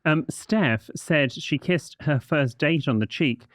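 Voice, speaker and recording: A man's voice: on the high side, slow, fairly bright tone, no room sound. A man co-hosting a podcast, reading listener messages with a wry, dry manner. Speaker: podcast co-host.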